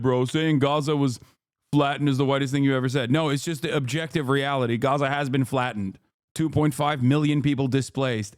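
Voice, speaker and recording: Furious high-voiced man ranting. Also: no echo, studio quality. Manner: profane, furious, berating. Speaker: political streamer. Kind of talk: angry rant at chat.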